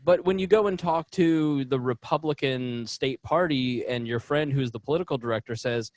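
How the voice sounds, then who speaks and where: A man's voice: medium pitch, normal speed, a little mellow. A man from Indiana co-hosting a political podcast, telling long stories with stumbles and restarts. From Indiana, USA. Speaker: podcast co-host. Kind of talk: casual political podcast chat.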